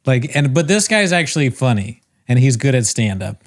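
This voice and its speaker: A man's voice: medium pitch, big pitch swings. A young man co-hosting a podcast, telling a rambling, self-mocking story in casual chat. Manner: rambling, self-mocking, quick to laugh at himself. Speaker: podcast co-host.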